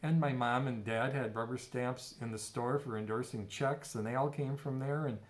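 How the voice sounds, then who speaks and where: A man's voice: medium pitch, steady tone, normal speed. A middle-aged man casually telling a rambling personal story and quoting people's dialogue. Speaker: storyteller sharing personal history.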